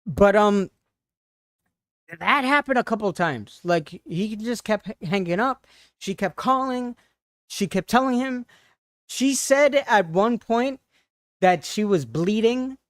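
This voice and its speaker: A man on a livestream retelling an upsetting encounter in a halting, shaken way, with many restarts. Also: sits high, lively intonation, dry recording, studio quality. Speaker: streamer. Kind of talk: casual storytelling on a livestream.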